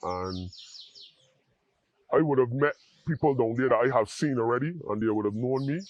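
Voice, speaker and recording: A man tells his personal story in an interview, earnest and halting, often repeating words as he searches for them. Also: mid-range voice, highs cut off. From Barbados. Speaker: interview guest in addiction recovery.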